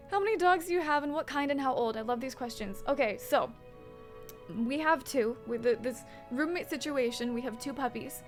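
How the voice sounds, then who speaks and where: A woman's voice: high voice, brisk, faint music behind. A young adult woman streaming from home, chatting casually and rambling with frequent swearing while she does her makeup. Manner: rambling and profane, chatting with viewers.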